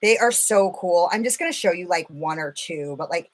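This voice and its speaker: A woman's voice: lowish voice, animated, moderate pace. A woman hosting a casual makeup live stream, rambling and swearing freely, full of filler words. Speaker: makeup livestream host.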